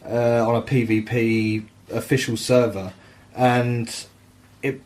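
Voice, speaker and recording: A man's voice: medium pitch, takes it slowly. Sweary, storytelling man. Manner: swearing, animated storytelling with acted-out dialogue. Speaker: podcast host. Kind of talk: casual gaming chat.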